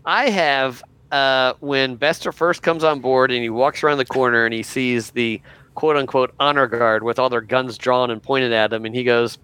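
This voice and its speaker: A man's voice: medium pitch, steady tone, normal speed, bright, forceful tone, clean tone. A man co-hosting a podcast in casual chat, retelling stories with restarts and quotes. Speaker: podcast co-host.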